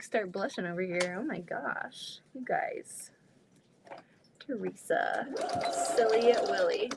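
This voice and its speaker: A woman's voice: medium pitch, a bit bright, a little hiss or hum. A young adult woman hosting a casual live sewing stream, chatting freely, reading viewer comments aloud and laughing easily.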